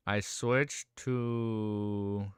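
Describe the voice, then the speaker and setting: A male streamer chatting excitedly and casually during a live reaction stream, swearing now and then. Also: fairly low pitch, drawn-out words, smooth, dry recording, studio quality.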